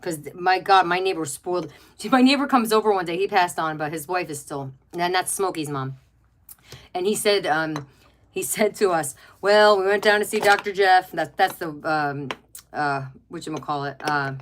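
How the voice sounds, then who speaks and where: A chatty middle-aged woman on a home craft livestream, her voice sitting a little low for a woman. She talks into a webcam in a loose, rambling way. She gushes over pets and reads out viewer comments as she works. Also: normal speed, a little hiss or hum. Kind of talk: casual chat while crafting, reading viewer comments.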